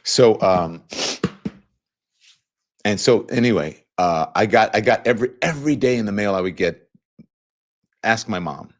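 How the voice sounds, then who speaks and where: Deep-voiced guy in his 50s, host just chatting to viewers, laid-back storytelling, lots of ums. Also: measured pace, pauses often. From Louisiana, US. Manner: relaxed storytelling, conversational, many fillers. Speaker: show host. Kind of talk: casual monologue to viewers.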